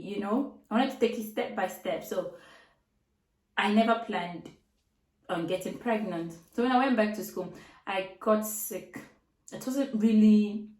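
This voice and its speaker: A woman in her twenties telling a personal story in a casual, chatty way, acting out the voices in her dialogue. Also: mid-range voice. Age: 20s. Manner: chatty, animated, acts out quoted dialogue. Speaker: vlogger. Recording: echoey room, from a distance.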